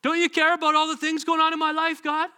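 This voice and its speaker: A man's voice: extremely high pitch, level tone, rapid-fire, bright, forceful tone, pitched above the performer's own voice, full character voice. A man voicing a frantic, overwhelmed believer who pleads with God and piles up questions. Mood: frantic pleading.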